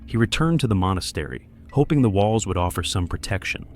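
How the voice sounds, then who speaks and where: A man giving scripted, measured horror narration. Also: low-pitched, animated, soft background music.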